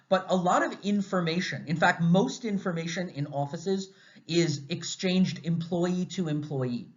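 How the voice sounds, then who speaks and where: An American man lecturing a class in a conversational, animated way, asking lots of rhetorical questions. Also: a little high. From United States. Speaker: university lecturer. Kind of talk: recorded lecture. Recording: slightly dull, muffled audio.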